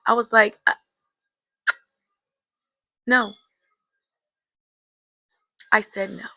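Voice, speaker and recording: A young woman tells a story straight to her viewers, chatty and reflective, calling them girl and y'all. Her voice is bright with a gravelly, fry-laden edge. The sound is close and dry. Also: medium pitch, level tone, drawn-out words, no room sound. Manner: reflective, draws life lessons. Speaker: vlogger telling a personal story. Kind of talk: casual storytelling to camera.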